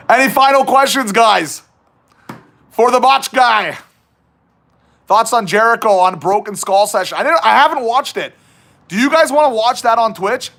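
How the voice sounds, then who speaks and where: Bright-voiced man hosting a chatty livestream. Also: very high voice, lively intonation, unhurried, gravelly, long pauses. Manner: chatty, teasing, reads viewer questions aloud. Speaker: livestream host. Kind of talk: casual livestream chat.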